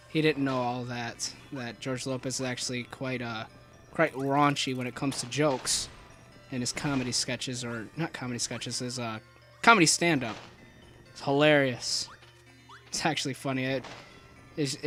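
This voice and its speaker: A young man giving rambling, joking commentary as he plays a video game, with lots of restarts and fillers and sudden high excited yelps. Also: moderate pace, soft background music. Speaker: let's play commentator.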